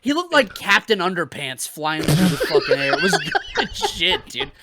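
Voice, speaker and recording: A man's voice: a little high, normal speed, heavy background noise. A man co-hosting a podcast, reading match notes and riffing with friends, swearing freely. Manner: animated, swears, reads from notes. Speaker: podcast co-host. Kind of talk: casual wrestling chat.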